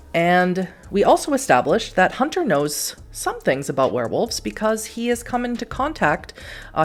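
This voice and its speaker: A woman acting as storyteller for a tabletop horror game, narrating scenes and calling for dice rolls, chatty and quick to laugh. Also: on the low side. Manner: laughs often, chatty, easily amused.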